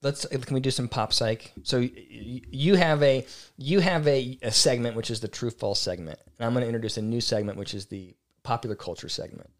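A man co-hosting a relationship podcast, talking in a blunt, opinionated, animated way. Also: medium pitch, brisk, few pauses. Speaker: podcast co-host. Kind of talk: casual chat.

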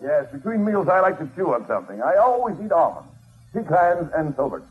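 A man playing an exasperated straight man in a 1940s radio comedy, with a brisk, scolding delivery. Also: on the high side, very animated. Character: exasperated male straight man, middle-aged. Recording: tinny old radio broadcast recording.

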